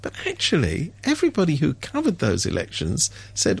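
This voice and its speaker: A man chatting on a radio show, wry and sardonic, mimicking people in sudden high voices. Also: wildly swooping pitch, fairly quick, gravelly, few pauses, husky, dry recording. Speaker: radio commentator. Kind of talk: casual radio chat.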